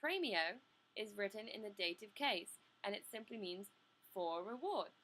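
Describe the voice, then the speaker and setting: A woman's voice: mid-range voice, lively intonation, moderate pace, bright, forceful tone, slight background noise. A teenage woman playing a teacher in a school project skit, lecturing in an exasperated way. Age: teens.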